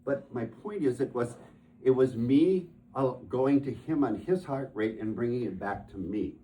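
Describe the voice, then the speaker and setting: A man's voice: mid-range voice, unhurried, warm tone. Earnest man telling therapy stories.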